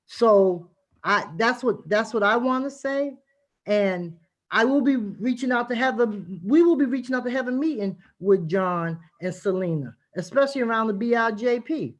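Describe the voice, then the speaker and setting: A woman's voice: a little high, normal speed. Middle-aged woman, impassioned public testimony, emphatic and repetitive, video call. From Boston, Massachusetts. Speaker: community activist. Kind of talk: public testimony at a city hearing.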